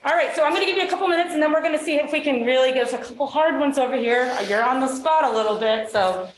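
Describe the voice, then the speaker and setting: This teacher has a high voice and talks at a rapid-fire pace, cheerfully coaching young kids through a phonics lesson with plenty of encouragement. Children's voices and crowd noise echo around the classroom.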